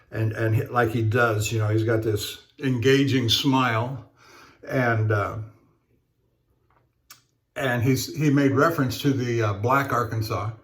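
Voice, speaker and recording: Slow, halting man chatting while shaving. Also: mid-range voice. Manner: halting, with many fillers and restarts; rambling storyteller. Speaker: straight razor shaving vlogger. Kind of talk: casual talk while shaving.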